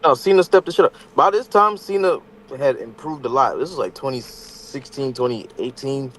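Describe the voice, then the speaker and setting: A man's voice: medium pitch, normal speed, a bit bright, slight background noise, low-quality recording. A man co-hosting a casual podcast, laid-back and slangy with some profanity. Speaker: podcast co-host. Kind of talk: casual chat.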